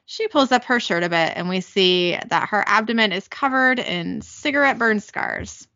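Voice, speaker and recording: A woman casually recapping a TV episode, reading out the dialogue in quick voices and correcting herself as she goes. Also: mid-range voice, lively intonation, pushed and bright, dry recording, muffled recording. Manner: reads lines in quick character voices, self-correcting. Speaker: podcast host recapping an episode.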